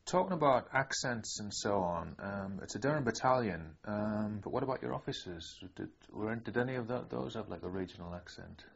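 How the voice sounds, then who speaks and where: Gravelly male interviewer, muffled hissy tape. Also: fairly low pitch, animated. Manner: halting questions with restarts. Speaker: oral history interviewer. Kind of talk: interview questions. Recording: muffled with clear hiss.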